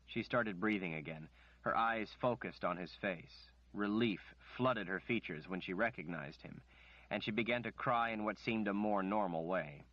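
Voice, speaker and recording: Deep-voiced man narrating an audiobook. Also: normal speed, no room sound. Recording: dry, slightly muffled recording.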